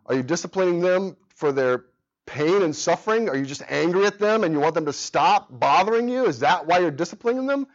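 A man's voice: high-pitched, a little fast, dull audio. A man in his thirties teaching an adult Sunday school class, earnest and conversational, tired from a sleepless night. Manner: earnest, conversational, animated when telling stories.

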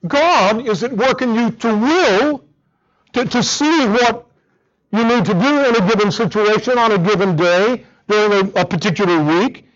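High-voiced earnest male preacher. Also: moderate pace, highs cut off. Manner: earnest, emphatic, with frequent repetitions. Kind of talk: sermon.

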